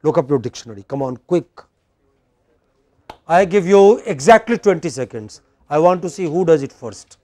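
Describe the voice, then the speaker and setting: Brief: middle-aged Indian English lecturer, higher male voice, dry close sound, drills and quizzes the class. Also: animated, normal speed, dark tone, dry recording. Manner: quizzing students, repeating words for drill. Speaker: English pronunciation teacher.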